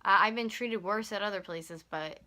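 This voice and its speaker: A young woman in her twenties vlogging at home, telling a story in a fast, heated way full of "like," into a camera on a stand. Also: medium pitch, bright, forceful tone. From North America. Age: 20s. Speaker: YouTuber. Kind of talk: storytime vlog.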